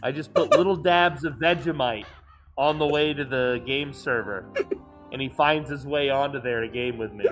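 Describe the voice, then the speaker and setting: A man chatting casually while playing a game with a friend, making teasing deadpan jokes. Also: mid-range voice, normal speed, faint music behind. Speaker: co-player, veteran gamer. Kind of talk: casual gaming chat.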